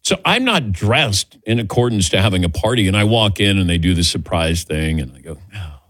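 A man's voice: deep voice, expressive, fairly quick, a bit bright, no echo, studio quality. An older man hosting a sports radio show, an easygoing, rambling storyteller. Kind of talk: casual sports talk show.

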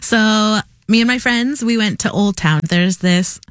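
A woman's voice: mid-range voice, measured pace, clear, resonant tone, dry recording, studio quality. A young woman who tells stories in a chatty, giggly way as a guest co-host on a radio talk show. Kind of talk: casual chat.

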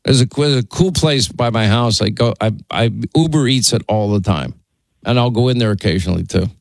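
A man's voice: medium pitch, fairly quick, vocal fry, no echo. Brief: tired, chummy male talk radio host, rambling restarts, dry studio mic.

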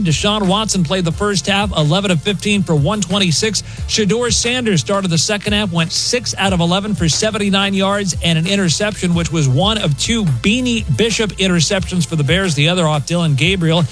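A man delivers a quick sports update, brisk and matter-of-fact. His voice sits high, and soft music plays underneath. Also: poor audio. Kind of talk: scripted sports news update.

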